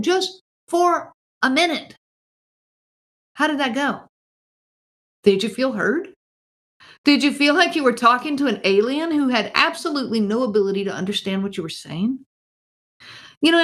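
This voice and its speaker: A female podcast host with a high, fairly bright voice speaks earnestly and directly to her listeners. Emphatic, she asks them many questions and often repeats phrases.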